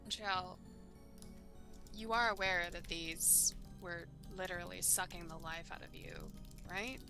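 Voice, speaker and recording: A woman's voice: on the low side, fairly even intonation, a little slow, over music. A woman playing a character in a tabletop game, speaking hesitantly with many fillers. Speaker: player. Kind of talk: casual tabletop game play.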